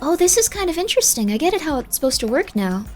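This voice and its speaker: An excitable woman streamer with a high voice, commentating her gameplay and reading text aloud as she goes. Faint game music plays underneath her. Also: fast.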